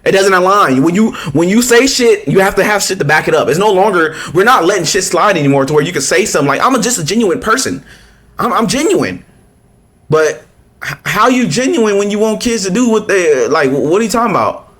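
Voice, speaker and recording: Male reaction commentator, heated and profane, high-pitched. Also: lively intonation, quick pace, a bit bright. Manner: blunt, profane, heated, lots of restarts. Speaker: political commentator reacting to a clip.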